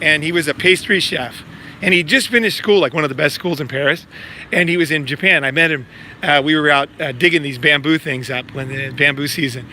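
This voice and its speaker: Profane rambling man with a sharp voice. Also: a little high, slight background noise. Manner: profane, filler-heavy, repeats himself. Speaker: vlogger promoting a meetup. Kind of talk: casual rambling vlog talk.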